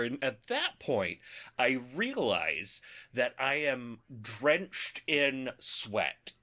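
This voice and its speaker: A man hosting a podcast, telling a story in casual chat, animated, laughing through his lines and swearing freely. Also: mid-range voice, measured pace. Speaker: podcast host.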